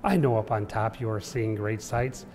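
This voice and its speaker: A man voicing a meek, tired little male turtle who pleads softly while reading a children's book aloud in an echoey room. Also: medium pitch, expressive, moderate pace, faint music behind, natural voice. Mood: pleading. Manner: soft, pleading, weary. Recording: echoey room with long reverb.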